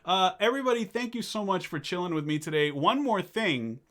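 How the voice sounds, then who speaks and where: High, bright-voiced rambling stream host. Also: male voice, fairly quick. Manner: rambling, excitable, jokey. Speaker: live stream talk show host. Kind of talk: casual live-stream chat.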